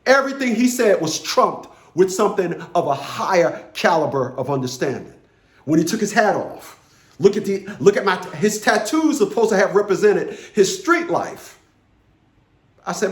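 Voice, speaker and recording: A man's voice: sits high, animated, moderate pace, echoey room. A man in his fifties, ranting bluntly to camera and telling a story, profane and commanding, repeating phrases for emphasis. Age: 50s. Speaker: vlogger.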